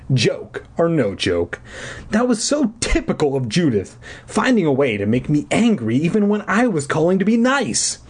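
Comedic reader: husky man, very lively pitch, deadpan asides. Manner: deadpan crude asides between reading. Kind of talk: comedic audiobook reading.

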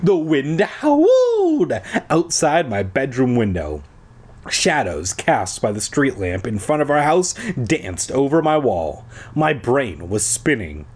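A young man reading a storybook aloud with sarcastic asides, animated and playful. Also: mid-range voice, takes it slowly, husky.

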